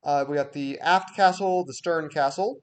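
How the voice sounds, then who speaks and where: Game master, male, a bit high-pitched, explanatory and full of ums. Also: moderate pace. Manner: explanatory, with frequent filler words. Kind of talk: explaining a game map to players.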